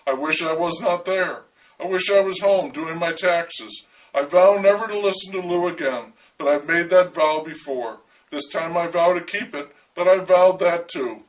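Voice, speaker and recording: A man's voice: fairly high pitch, normal speed, recorded from a distance, rough recording. A man reading a first-person story aloud in a wry, dryly humorous way.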